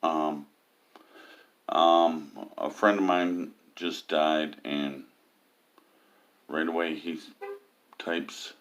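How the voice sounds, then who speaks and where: A man's voice: very slow, pauses often, a bit bright. A man ranting to camera about religion, mocking, with many filler ums. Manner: mocking, lots of ums, mimics others in high cries. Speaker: atheist vlogger.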